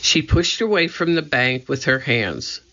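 A man reading a children's storybook aloud, narrating slowly and deliberately. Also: fairly high pitch, expressive, pushed and bright. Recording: dull lo-fi recording.

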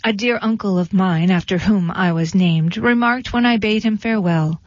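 A woman voicing a mild-mannered, tearful male baker who tells his tale in a gentle, plaintive way. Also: medium pitch, moderate pace, no echo, lightly acted. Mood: woeful. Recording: dull lo-fi dry recording.

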